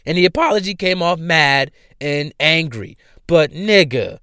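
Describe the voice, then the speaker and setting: Man, heated profane rant, repetitive emphasis, smooth clear voice, dry close sound. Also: fairly high pitch, animated, measured pace, sharp tone, dry recording. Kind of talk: ranting commentary.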